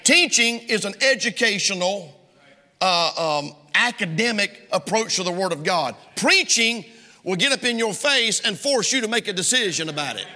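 A man's voice: high voice, expressive, normal speed, pushed and bright. A male pastor preaching a sermon from the pulpit with an emphatic, repeating cadence. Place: church sanctuary. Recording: long hall reverb in a church.

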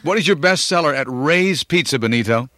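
Bright upbeat guy dj, joking around with callers on air. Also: on the high side, animated, brisk. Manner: playful, chatty, teasing callers. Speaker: radio countdown host. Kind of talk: upbeat radio DJ patter.

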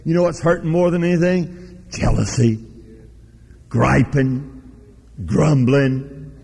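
Fiery preacher in a reverberant church. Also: male voice, takes it slowly, creaky, breathy edge. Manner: swings between loud high bursts and low quiet asides; folksy and teasing, mimics church members. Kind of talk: fiery revival sermon. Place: church sanctuary.

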